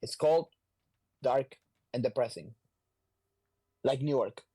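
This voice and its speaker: A man voicing a grave male sorcerer who speaks in a deadpan way. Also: medium pitch, slow pace, slightly rough. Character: dry, gloomy male sorcerer from the future.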